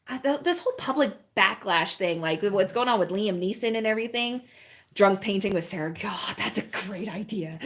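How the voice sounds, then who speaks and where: A woman in mid-pitch chats with her stream viewers while she paints at home. Her talk rambles from thought to thought, with easy laughs and soft baby talk to the dogs. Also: animated, normal speed. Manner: chatty and rambling, often laughing and cooing to puppies. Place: indoors at a home.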